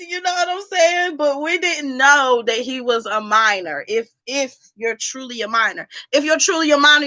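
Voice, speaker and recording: A woman hosting a casual livestream while drinking, sassy and animated as she talks back to the chat from home. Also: extremely high pitch. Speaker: livestream host.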